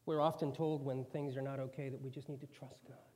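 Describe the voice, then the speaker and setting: A man's voice: mid-range voice, little pitch movement, fast, a little mellow. A man preaching a sermon in a conversational way, now and then acting out quoted voices. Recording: long hall reverb.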